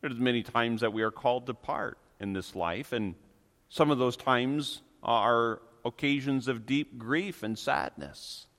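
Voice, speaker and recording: A pastor delivering a sermon, earnest and emphatic, slowing down to stress key phrases. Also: male voice, medium pitch, fairly bright tone, big-room sound.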